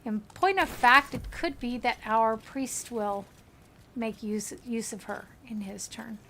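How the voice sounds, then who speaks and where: A woman's voice: on the high side, takes it slowly, creaky, bright, forceful tone, a little hiss or hum. An American woman streaming a video game, chatting casually and playfully, and laughing often. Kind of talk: casual gameplay commentary.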